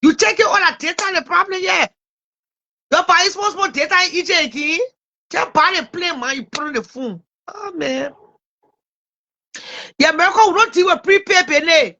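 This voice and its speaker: Very high-voiced, bright woman. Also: normal speed, pauses often. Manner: animated, stumbles over names, talks to her audience. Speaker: livestream host. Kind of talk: casual livestream chat.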